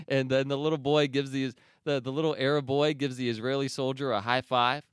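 A man hosting a news commentary podcast, opinionated and sarcastic, often pausing with fillers and restarts. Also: mid-range voice, little pitch movement, smooth, no echo, studio quality. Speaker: podcast host.

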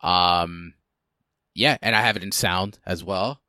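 A man's voice: deep voice, slow pace, pushed and bright, dry recording, clean studio sound. A man co-hosting a casual film chat, talking in a loose, hesitant way with frequent restarts and fillers. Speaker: podcast co-host.

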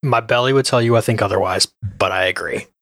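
A man's voice: lowish voice, fast talker, fairly bright tone, no echo, studio quality. A man co-hosting a podcast in casual chat, joking and easygoing. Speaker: podcast co-host.

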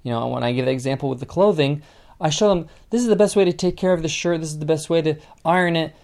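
A man's voice: a little high, quick pace, a little mellow. A man hosting a podcast business lesson, talking conversationally and encouragingly, with frequent fillers. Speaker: podcast host.

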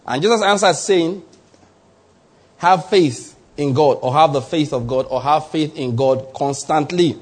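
A middle-aged Nigerian man preaching a sermon, animated, stretching key words for emphasis and chuckling between points. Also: on the high side, breathy edge. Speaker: pastor.

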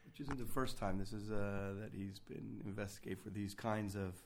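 Mellow, low-voiced male co-host. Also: steady tone, vocal fry, a little hiss or hum. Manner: teasing, chiming in with quick asides. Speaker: podcast co-host. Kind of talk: casual podcast chat.

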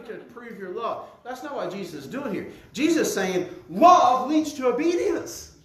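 High, lively-voiced preacher in an echoey room. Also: male voice, normal speed, few pauses, a crowd in the background. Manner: animated preaching with call-and-response questions to the congregation; repeats words while building a point. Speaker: pastor. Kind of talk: sermon.

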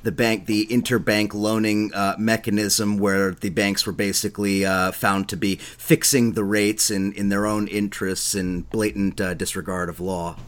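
A man's voice: lowish voice, little pitch movement, moderate pace, hardly any pauses. A man hosting a podcast interview, explaining background for listeners with many fillers. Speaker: host.

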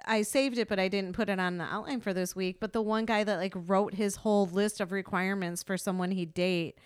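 A woman co-hosting a podcast, ranting with animated, profane casual chat. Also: medium pitch, a little fast, clear, resonant tone, dry recording, clean studio sound. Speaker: podcast co-host.

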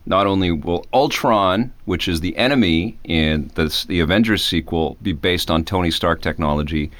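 A man's voice: deep voice, moderate pace, fairly bright tone, no room sound. A man in his thirties co-hosting a casual chat, enthusiastic and rambling with frequent restarts. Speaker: podcast co-host.

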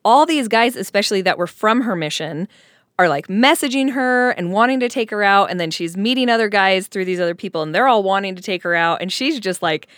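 Co-host: woman, mid-range voice, chatty, relaxed storyteller. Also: mid-range voice, dry recording, clean studio sound. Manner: chatty, tells anecdotes. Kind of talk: casual chat.

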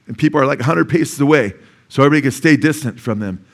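Animated preaching man, higher voice. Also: fast talker. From USA. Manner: animated preaching, frequent "amen?" to the congregation, acts out the lepers' shouts. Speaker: pastor. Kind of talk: sermon.

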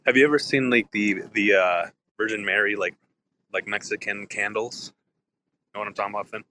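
A playful, laid-back man with a lowish but bright, forceful voice joins an online voice chat, joking around. Faint noise sits behind him. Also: fairly even intonation, brisk, low-quality recording. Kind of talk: casual chat. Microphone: online audio call.

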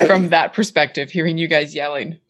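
A woman interviewing a guest, encouraging and a bit halting as she sets up a story. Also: low-pitched, fairly even intonation. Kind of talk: casual interview.

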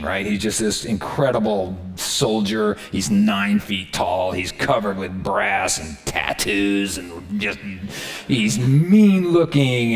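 A man preaching a sermon in a casual, conversational way, retelling a story and checking in with his listeners. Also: lowish voice. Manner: conversational, animated, keeps checking in with the audience. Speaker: pastor.

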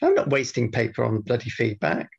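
A man co-hosting a podcast, bantering casually and reading out mock-formal feedback in a dry, deadpan way. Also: medium pitch, a little fast. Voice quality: gravelly, husky. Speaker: podcast co-host. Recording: dull lo-fi podcast audio.

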